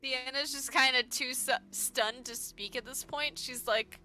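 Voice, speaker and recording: A woman's voice: sits high, steady tone, unhurried, bright, forceful tone, soft background music. A woman playing in a tabletop game, chattily describing her character with many filler words. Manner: chatty, lots of "like" fillers, giggly. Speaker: player.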